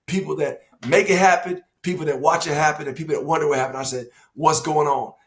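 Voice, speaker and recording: A man's voice: a little high, quick pace. A man, telling family stories on a podcast and acting out quotes. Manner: animated storyteller, acts out quotes. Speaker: father of the hosts, former coach. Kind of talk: casual family podcast storytelling.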